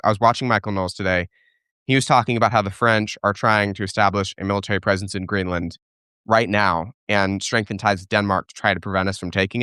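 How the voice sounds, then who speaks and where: A young man with a lowish, smooth voice hosts a casual live stream and answers viewers' questions. He speaks in opinionated bursts, restarting his sentences as he works out his thoughts. The sound is dry and close to the microphone. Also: fairly bright tone, no echo. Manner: opinionated, thinks aloud with restarts and fillers.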